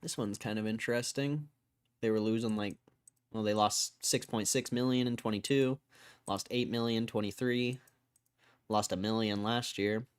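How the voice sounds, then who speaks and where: A man's voice: fairly low pitch, no room sound, clean studio sound. A man livestreaming stock market commentary, thinking aloud in a casual way and swearing freely as he mock-rants. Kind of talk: casual live-stream commentary.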